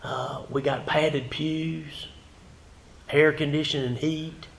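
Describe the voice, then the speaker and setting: A male pastor preaches fervently in a church sanctuary. His voice sits a little high for a man. He swells to loud emphatic runs, then falls to a hushed whisper. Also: steady tone, slow pace, creaky, roomy sound. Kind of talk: sermon.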